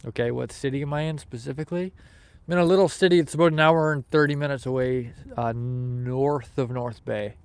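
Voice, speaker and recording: A man's voice: medium pitch, fairly even intonation, a little fast, darkish tone, clean tone, no echo. A man from Canada hosting a fishing livestream outdoors in the snow, chatting casually with viewers and reading their comments aloud in an easygoing, rambling way.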